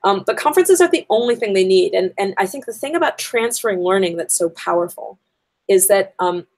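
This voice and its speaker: Gravelly-voiced woman giving a teacher talk. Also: mid-range voice, animated, brisk, a little mellow, rough recording. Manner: conversational, frequent ums and likes; explains step by step, enumerating points.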